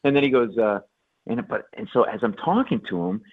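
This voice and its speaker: A man's voice: lowish voice, very animated, fairly quick, a crowd in the background. A male comedian telling a story animatedly in a radio interview, acting out quotes and stammers. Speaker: guest comedian. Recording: tinny phone-line audio.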